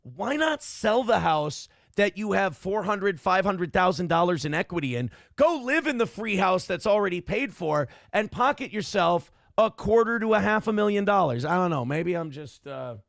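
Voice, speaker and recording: A man's voice: sits high, big pitch swings, normal speed, creaky, few pauses, fairly bright tone, dry recording, clean studio sound. A middle-aged man hosting a livestream, reading chat comments and ranting bluntly with frequent swearing. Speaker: streamer host reading chat.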